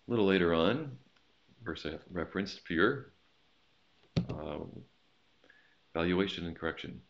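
A man preaching a sermon in a relaxed, conversational way, with asides and a told joke. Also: low-pitched, measured pace, gravelly. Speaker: pastor. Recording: slightly dull lo-fi recording.

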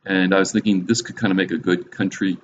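A man's voice: low voice, flat delivery, fast. A man giving a casual, conversational Bible lesson with a wry, joking manner, on a slightly dull recording with faint hiss. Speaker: Bible teacher.

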